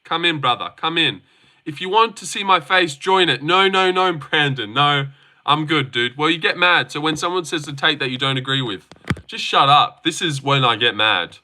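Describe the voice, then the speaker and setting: A young man runs a casual livestream, answering his chat in a brash, swearing, teasing way. His voice sits a little high for a man and rings very bright and forceful. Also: moderate pace. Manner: brash and profane, banters with chat. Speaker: livestream host.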